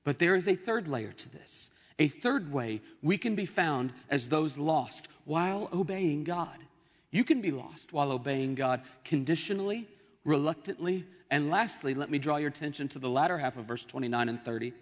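A young adult man preaching a sermon as pastor, with emphatic rises and dramatic pauses. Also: on the high side, animated. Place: church sanctuary. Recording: long hall reverb.

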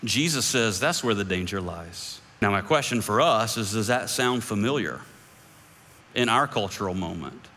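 Bright-voiced man preaching in an echoing hall. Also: lively intonation, normal speed, a little hiss or hum. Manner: conversational preaching that climbs high when voicing others' views. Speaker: pastor. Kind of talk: sermon. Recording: long echoing hall reverb.

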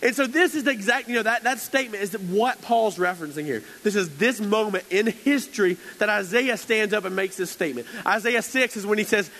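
A man's voice: high voice, a little fast, hardly any pauses, bright, forceful tone, low-quality recording. A man preaching a conversational sermon, telling stories in a chatty, playful way with lots of fillers and acted-out quotes.

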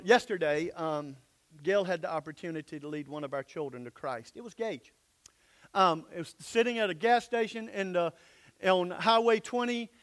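A man's voice: high-pitched, a bit bright. A man preaching a sermon, reading scripture aloud and then explaining it in a folksy, plain-spoken way. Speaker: pastor.

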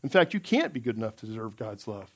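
A man's voice: lowish voice, big pitch swings, fast. A man preaching a sermon in an earnest, emphatic way, reading out scripture passages.

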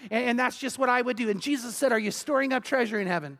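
A pastor preaching a sermon, animated and acting out the voices of the people he quotes. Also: very high-pitched, fast talker, few pauses. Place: church sanctuary. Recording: long hall reverb.

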